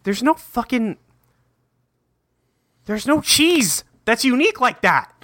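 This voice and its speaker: Bright-voiced man recapping with a laugh. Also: extremely high pitch, very animated. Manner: profane, laughing recap with quick voiced quotes. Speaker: podcast co-host recapping a cartoon. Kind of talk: casual chat.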